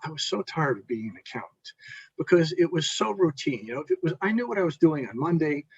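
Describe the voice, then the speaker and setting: A man's voice: fairly high pitch, brisk, husky, no echo. A middle-aged man, a guest on a talk show, casually telling a long personal story, acting out the people in it and often restarting sentences. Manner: animated storyteller, quotes people in his story, many restarts. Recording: dull lo-fi sound.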